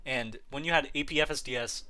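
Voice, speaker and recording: A man's voice: medium pitch, fast talker, pushed and bright. A man hosting a gaming livestream, chatting casually and rambling as he answers viewers' messages. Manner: rambling, answering chat messages as they come. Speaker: livestream host.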